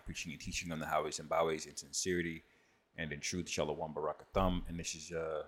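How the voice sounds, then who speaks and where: A man giving casual spoken commentary on scripture and prophecy, often tagging his sentences with "man" and reading verses aloud slowly. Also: low voice. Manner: conversational, peppers speech with "man".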